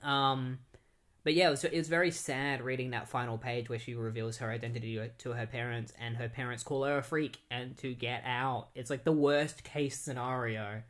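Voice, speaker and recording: A young man talks through a comic issue in a loose, rambling way, like chatting to a friend. His voice sits in an ordinary middle pitch. He sounds relaxed and unscripted. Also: moderate pace. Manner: rambling and conversational. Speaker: comic book reviewer. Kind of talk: casual comic book recap.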